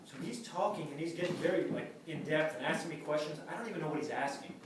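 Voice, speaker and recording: A man's voice: a little high, fast, heavy background noise. A man telling a comic anecdote to a live audience, acting out the other people in it. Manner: animated, acts out the voices of others. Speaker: storyteller. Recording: very echoey, from far off, audience laughter.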